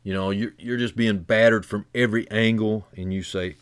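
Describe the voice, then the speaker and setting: A man preaching a sermon who builds from quiet, low passages to loud, fervent climaxes and repeats key phrases for emphasis. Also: fairly even intonation, normal speed, clean tone, no room sound.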